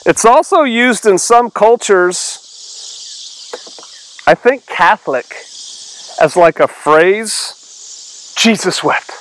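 Man, pastor, slightly high-pitched, conversational, reads scripture then explains. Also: lively intonation, very slow, pauses often, fairly bright tone, a little hiss or hum, rough recording. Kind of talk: casual Bible teaching.

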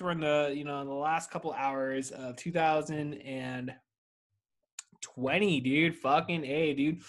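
A man's voice: fairly high pitch, takes it slowly. A man hosting his podcast from home, rambling casually and swearing constantly in a laid-back monologue. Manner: rambling, profane, laid-back stoner chat. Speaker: podcast host.

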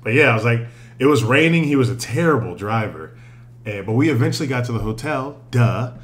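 A man co-hosting a podcast, telling a travel story with lively, casual swearing. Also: mid-range voice, fairly quick. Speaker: podcast co-host. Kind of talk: casual chat.

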